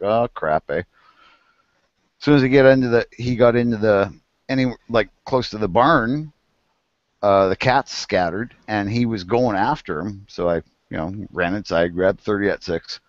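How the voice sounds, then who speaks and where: A man's voice: fairly low pitch, moderate pace, no echo. A man telling farm and hunting stories in casual chat, laughing often and acting out animals and people. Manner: laid-back storyteller, laughs often, acts out animals and people. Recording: muffled, dull sound.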